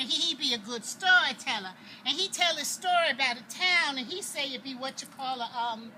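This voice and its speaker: A living history performer with a high-pitched, sharp voice delivers a first-person monologue as a folksy, proud freed slave woman. Chuckling in dialect, she speaks directly to her listeners, performing outdoors near a road in a noisy recording with passing traffic.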